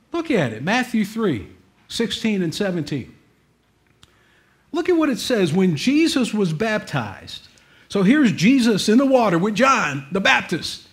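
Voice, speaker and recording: High-voiced man preaching a sermon. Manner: emphatic, swings from loud to hushed, asks congregation for amens.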